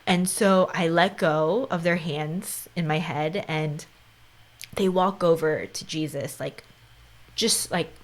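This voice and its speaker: A woman's voice: deep voice, slow pace. A woman in her thirties hosting a podcast, speaking in casual conversation with an earnest tone. She often drops to a near whisper and fills her talk with "like" and "right?". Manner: heavy use of "like" and "right?". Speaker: podcast host.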